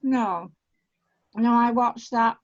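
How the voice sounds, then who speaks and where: High-voiced woman, slow chatty talk. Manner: chatty, repeats herself. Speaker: online class participant. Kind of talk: casual chat. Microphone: video call. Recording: dull lo-fi video call audio.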